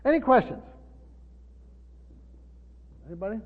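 A man preaching a Bible study sermon, often pausing, repeating words and asking his listeners questions. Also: sits high, animated. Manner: halting, repeats words, asks the room questions. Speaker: pastor. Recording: tinny phone-like sound in a reverberant hall.

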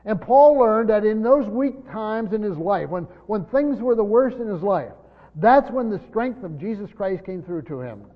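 A man with a fairly high voice teaches scripture to a gathered class, hitting key words hard and then falling quiet. The sound carries a long hall reverb and a dull, lo-fi tone. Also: expressive, normal speed. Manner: emphatic, swinging between loud stresses and quiet asides. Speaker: pastor teaching a Bible study. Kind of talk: expository Bible teaching.

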